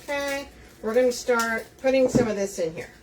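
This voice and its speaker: A female host leads a live wreath-making demo, talking with viewers as she explains each stage. She speaks at normal speed with a fairly high pitch, heard through a distant mic over faint room noise.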